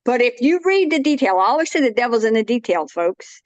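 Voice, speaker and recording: A woman's voice: on the high side, very animated, brisk, no room sound, highs cut off. A woman, chatting casually and folksily while demonstrating a dish. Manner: chatty, folksy, self-interrupting. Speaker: cooking demo guest.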